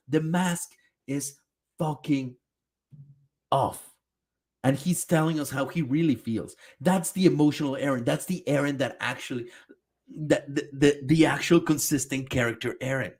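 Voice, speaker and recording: A man's voice: fairly high pitch, normal speed, a little mellow. A man streaming a reaction, talking back at a video in a heated, profane, exasperated rant.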